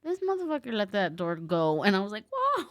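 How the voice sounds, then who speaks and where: Animated woman telling stories, swearing. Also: mid-range voice, fast, no echo, clean studio sound. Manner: animated storytelling, swears, mimics voices. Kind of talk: casual podcast chat.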